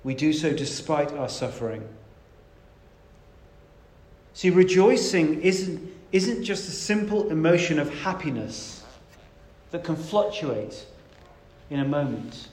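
A man's voice: fairly high pitch, animated, measured pace, darkish tone, echoey room, slight background noise. A man preaching a sermon in a conversational, emphatic way, stressing key words.

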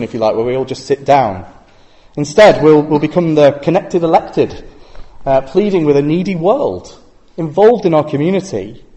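A man's voice: fairly high pitch, mellow. A man preaching a sermon in a conversational way, full of rhetorical questions.

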